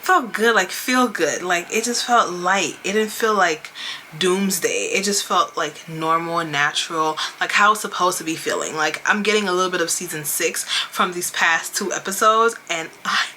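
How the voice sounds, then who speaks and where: A woman chatting casually as a vlogger, animated and full of "like" and "you know" fillers. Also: lowish voice, moderate pace, slight background noise. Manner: chatty and animated, acting out quoted lines. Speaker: show recap vlogger. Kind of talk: casual chat.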